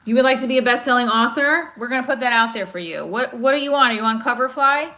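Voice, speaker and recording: A woman with a slightly high voice talks fast and sharply, and the rough recording carries a faint hiss or hum. She's hosting a casual livestream, rambling, often restarting sentences, and reading viewer chat comments aloud.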